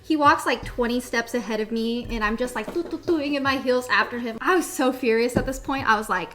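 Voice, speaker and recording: A young woman streamer telling a story in a casual, animated way, blunt and full of swearing. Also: on the high side, a little fast, hardly any pauses, noisy background.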